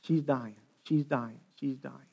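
A man's voice: mid-range voice, slow, gravelly, dark tone, husky, exaggerated voice. A man voicing a desperate father in a sermon retelling, urgent and repeating himself. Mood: panicked. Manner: urgent and repetitive.

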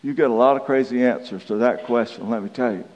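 A man's voice: medium pitch, fast talker, darkish tone, dull audio. A man in his sixties preaching a sermon, telling folksy stories and acting out the quotes. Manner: folksy, storytelling, acts out quotes. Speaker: pastor. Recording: long hall reverb.

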